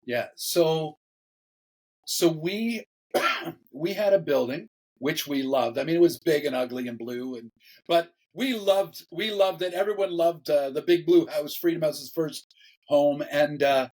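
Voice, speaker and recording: A man, a pastor, telling a story in a casual interview, animated, often repeating words and laughing as he talks. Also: a little high, unhurried, poor audio.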